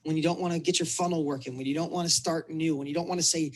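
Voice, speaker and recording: A middle-aged man, a coach, telling a personal story in a casual interview, animated and acting out the dialogue. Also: fairly high pitch, rapid-fire, slight background noise. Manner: animated storyteller, acts out dialogue, repeats words. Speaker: business and fitness coach telling his story.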